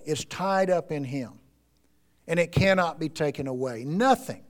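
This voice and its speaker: A man's voice: on the high side, moderate pace. Earnest male pastor preaching a sermon. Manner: earnest, rising to emphatic peaks then dropping to quiet appeals. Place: church sanctuary.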